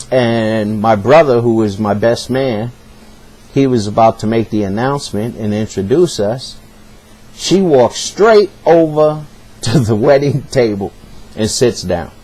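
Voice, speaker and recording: A man at an ordinary, middle pitch recounts something that happened to him in plain, casual speech. He sounds earnest and wounded, talking straight to the listener as if they are sitting across from him. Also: darkish tone. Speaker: personal storyteller. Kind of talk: casual spoken storytelling.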